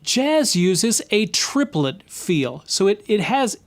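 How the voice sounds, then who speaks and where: A man's voice: high-pitched, very animated, takes it slowly. A man giving an instructional guitar lesson, explaining patiently and counting and scatting rhythms aloud. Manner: friendly, explanatory, with restarts. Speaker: guitar teacher.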